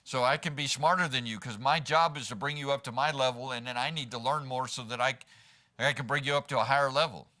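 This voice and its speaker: Quick, pushed, and bright, a man's medium-pitched voice carries his sermon as pastor. In the church sanctuary he speaks conversationally, regularly asking the congregation "right?"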